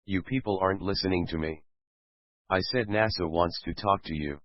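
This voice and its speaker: A man's voice: low voice, normal speed, no echo, natural voice. A man playing a stiff, pushy administrator who gives orders over the radio. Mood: insistent. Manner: stiff, insistent. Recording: dull lo-fi recording.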